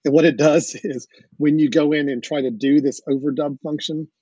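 A man's voice: a little high, steady tone, normal speed, mellow, husky, no room sound. A man hosting a podcast, explaining things with enthusiasm and the odd chuckle, on dull lo-fi audio. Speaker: podcast host. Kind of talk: casual podcast chat.

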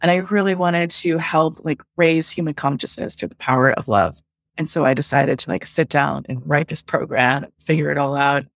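A woman's voice: on the low side, dry recording. A woman working as a love coach, telling her story in a casual interview, chatty and full of "like", acting out her own past thoughts.

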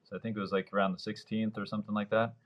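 A man's voice: lowish voice, rapid-fire, dull audio. Man in his thirties telling a fishing story. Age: 30s. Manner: lively storyteller, acts out quoted dialogue. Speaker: surf fishing guide, podcast guest. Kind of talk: casual storytelling interview.

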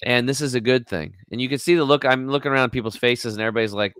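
An interview guest in his forties speaks very fast in a clear, resonant, mid-range voice, recorded at studio quality without echo. He tells his story energetically, performing other people's quotes as he goes.

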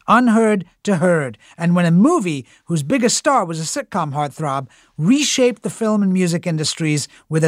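A man hosting a podcast, reading scripted narration and interviewing a guest in a measured, emphatic way. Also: high-pitched, no echo, clean studio sound. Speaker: podcast host.

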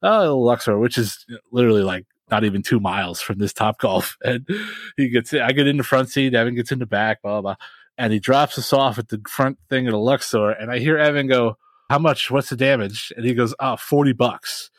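A man's voice: medium pitch, fairly quick, no echo. Chatty man telling stories, laughing often. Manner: animated storytelling, laughs often. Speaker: podcast co-host. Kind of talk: casual chat.

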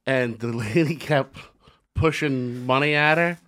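A man's voice: medium pitch, measured pace. A man telling a funny story on a podcast, acting out the people in it. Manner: animated, acts out characters. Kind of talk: casual storytelling.

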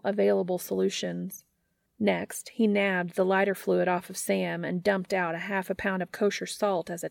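Low, gravelly woman narrator with wry comic timing, dry close recording. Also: dry recording. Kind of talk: fan fiction reading.

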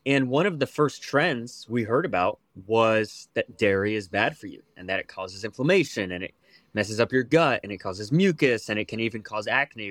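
A man's voice: lowish voice, no room sound. A young American man, a podcast guest, telling his story casually with fillers and restarts. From United States. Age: young adult. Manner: relaxed, with frequent fillers and restarts.

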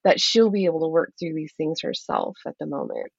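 A woman's voice: deep voice, wildly swooping pitch, brisk, creaky, slightly rough, no room sound. Earnest woman coach, dull dry audio. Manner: earnest, open, explanatory, laughs lightly. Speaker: guest, parent coach. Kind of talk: podcast interview.

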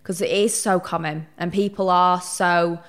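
A young woman telling stories in a casual interview chat, animated and swearing freely. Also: lowish voice, normal speed. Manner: chatty, animated storyteller who swears casually. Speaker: podcast guest.

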